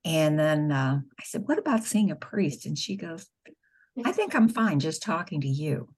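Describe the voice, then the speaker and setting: A woman's voice: low voice, very animated, normal speed, a little mellow, breathy edge. A middle-aged woman, a nurse and spokeswoman, telling patient stories earnestly in an interview, acting out the dialogue. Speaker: nurse and pro-life spokeswoman. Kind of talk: conversational interview storytelling.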